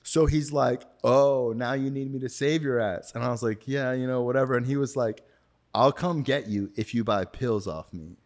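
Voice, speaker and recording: A man who is a podcast guest, telling a story in casual talk. He swears freely, uses slang and acts out what other people said, getting loud and excited during the chase. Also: medium pitch, normal speed. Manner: gets loud and excited when retelling the chase.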